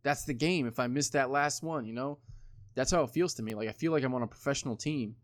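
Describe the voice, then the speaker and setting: A man's voice: medium pitch, fast, no room sound, clean studio sound. A man in his twenties talking casually, rambling with lots of swearing and filler words. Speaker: podcast co-host. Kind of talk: casual chat.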